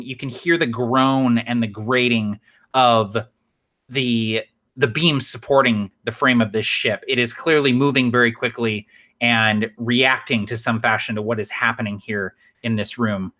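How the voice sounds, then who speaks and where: A man's voice: mid-range voice, pushed and bright. A man running a tabletop game as game master, narrating scenes with enthusiasm and tossing in self-deprecating jokes.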